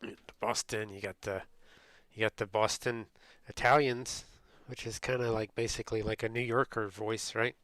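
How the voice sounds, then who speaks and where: A man's voice: fairly low pitch, little pitch movement, moderate pace, a bit bright, no room sound. A man from the United States, a streamer rambling in casual chat and answering his viewers. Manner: rambling, chatty storytelling, reads and answers chat.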